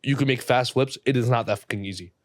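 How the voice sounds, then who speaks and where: A young man in his twenties, a jeweler talking casually on a podcast in rapid, profane street slang. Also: medium pitch, no echo, clean studio sound. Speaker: jeweler guest.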